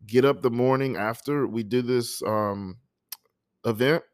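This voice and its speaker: A man telling a personal story before reading a poem, speaking softly with halting, emotional pauses. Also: mid-range voice, dry recording, clean studio sound. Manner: soft-spoken, halting and emotional. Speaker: poet introducing a poem.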